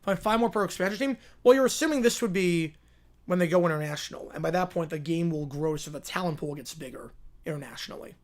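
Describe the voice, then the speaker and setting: A man hosting a live stream, calling football play-by-play and answering viewer questions between plays. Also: fairly high pitch. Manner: rises and slows into excited calls on big plays, drops to quiet asides answering chat.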